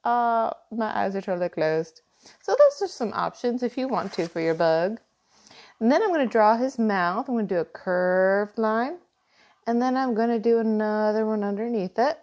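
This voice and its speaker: Woman, art teacher, drawing tutorial, gentle step-by-step guidance, mid pitch.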